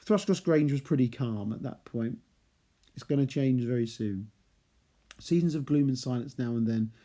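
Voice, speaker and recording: This literature teacher's warm, mid-range voice runs at normal speed. He gives a conversational chapter analysis, reading passages and adding playful asides as he explains them.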